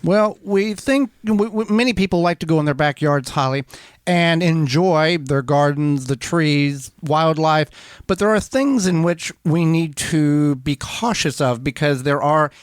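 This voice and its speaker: A man with an Upper Midwest American accent, co-hosting a gardening radio show in unhurried, halting casual chat. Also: a little high, clear, resonant tone, dry recording, clean studio sound. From Wisconsin. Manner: unhurried, halting, restarts mid-sentence.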